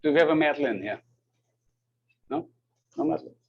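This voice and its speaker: Captured on a dull lo-fi classroom recording, an Austrian-accented male lecturer calls the roll and fields questions, hesitant, apologetic, and prone to repeating words. His fairly high voice is creaky with a breathy edge, swings hugely in pitch, and runs a little fast.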